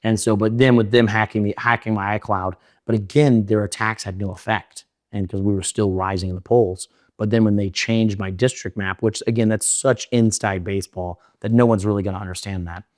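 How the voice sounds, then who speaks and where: A young man telling his story in an interview, rushing in run-on sentences full of fillers and restarts. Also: fairly low pitch, fairly even intonation, a little mellow, no echo, studio quality. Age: young adult. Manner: fast, run-on talk with many fillers and restarts. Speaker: interview guest.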